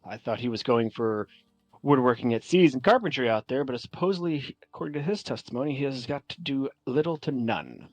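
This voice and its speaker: A man's voice: medium pitch, lively intonation, brisk, no room sound, lightly acted. A man voicing a weary, polite male guild mentee who speaks in a subdued way.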